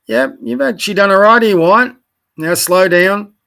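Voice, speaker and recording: A high-voiced man goes over a youth basketball game late at night, tired but still keen. His bright tone stays direct as he corrects mistakes and praises good plays by name. It sounds like a casual coaching review. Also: normal speed, creaky. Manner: direct, corrective, encouraging, addresses players by name. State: tired, yawning. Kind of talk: casual video review commentary.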